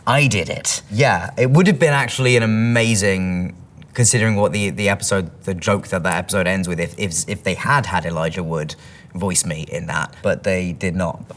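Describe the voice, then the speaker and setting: A man's voice: low-pitched, moderate pace, fairly bright tone. A man in his thirties with a London English accent, answering interview questions in a chatty, self-deprecating way and reading each question aloud. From England. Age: 30s.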